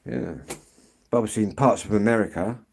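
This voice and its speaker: An English man live-streaming on a walk outdoors, chatting casually with viewers in a rambling way and often clearing his throat. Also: fairly low pitch, a little fast, slight background noise. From England. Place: outdoors on an evening street walk.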